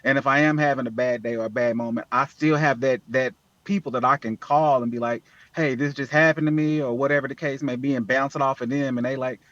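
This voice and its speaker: A man's voice: mid-range voice, fairly even intonation, a little fast, a bit bright, no room sound. Earnest man on a dull, lo-fi line. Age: adult with children. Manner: earnest, repeats words, often says "man". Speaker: podcast guest, app founder. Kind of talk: casual interview talk.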